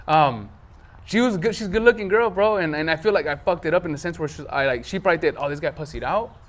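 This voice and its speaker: A man's voice: on the high side, quick pace, fairly bright tone. A man hosting a podcast in casual chat, swearing freely and acting out the texts he quotes. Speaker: podcast host.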